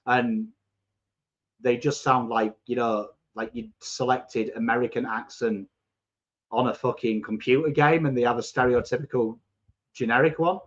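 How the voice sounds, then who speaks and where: A football watchalong host from England with a coarse accent talks excitedly through a live match, reading out viewer comments, swearing and yelling at big moments. His mid-range voice keeps a moderate pace, and the stream audio is dull and lo-fi.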